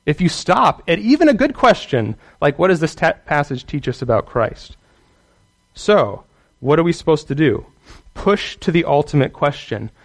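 A man's voice: fairly high pitch, sing-song, moderate pace. Earnest man teaching on preaching. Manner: earnest, emphatic, often asks "right?". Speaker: Bible teacher. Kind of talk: teaching on how to preach to children.

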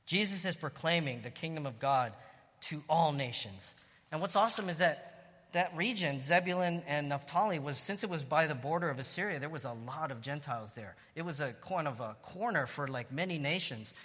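Guy preaching a sermon, bright voice, gets loud praising, long hall echo. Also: on the high side, a little fast. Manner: rises to loud exclamations of praise. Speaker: pastor.

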